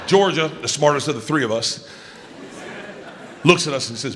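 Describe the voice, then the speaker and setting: A man in his fifties from Florida telling a loud, profane story on stage as a stand-up comedian. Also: fairly high pitch, big pitch swings, fairly quick, long pauses. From Florida, USA. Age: 50s. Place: large arena on stage. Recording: arena reverb with crowd noise.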